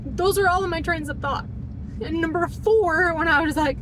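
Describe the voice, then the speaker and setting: A woman in her thirties tells a painful personal story at a moderate pace, fighting back tears as her voice drops low and shaky. There is noise in the background.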